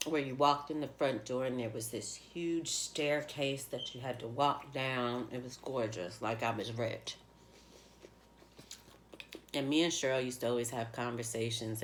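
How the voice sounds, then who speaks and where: Deep-voiced woman telling a heartfelt story. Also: slight background noise. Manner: heartfelt, rambling, with many fillers. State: close to tears. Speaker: vlogger telling a personal story. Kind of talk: emotional storytime narration.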